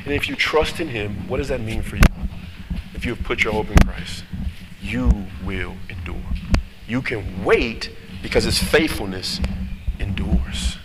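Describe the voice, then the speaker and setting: A man preaching a sermon in a church hall, animated and full of rhetorical questions to his congregation. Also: on the low side, a little slow. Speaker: pastor. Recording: reverberant hall with steady noise.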